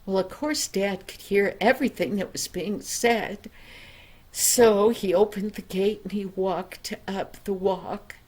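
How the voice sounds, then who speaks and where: An older woman telling a children's story in a gentle, unhurried way, dropping to a soft hush on quiet passages. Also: medium pitch, husky. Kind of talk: reading a children's story aloud.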